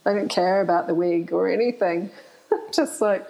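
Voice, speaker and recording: A woman's voice: fairly low pitch, moderate pace, gravelly, warm tone, poor audio. A middle-aged woman, a guest telling frank stories in an interview and laughing often. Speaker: guest, author. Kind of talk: candid storytelling interview.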